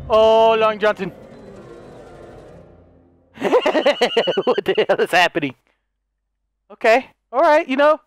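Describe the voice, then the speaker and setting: A man narrating a horror game as he plays, jumpy and excitable, stammering and yelping when startled. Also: very high voice, clean tone, no room sound. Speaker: gaming YouTuber. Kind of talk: horror game let's play commentary.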